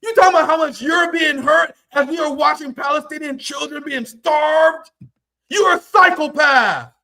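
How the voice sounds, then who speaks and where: A man rants on his livestream in a very high, piercing voice. He is angry and profane and keeps tipping into shouts. His tone stays sharp and tense throughout. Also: normal speed. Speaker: livestream host. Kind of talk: heated livestream rant.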